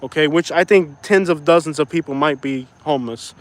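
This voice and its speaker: A man's voice: on the high side, fairly quick. Frustrated young man venting on a live stream. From Florida. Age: young adult. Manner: frustrated, venting, apologetic about swearing; says "bro" and "like" often. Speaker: YouTuber reading live chat. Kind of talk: casual live-stream rant.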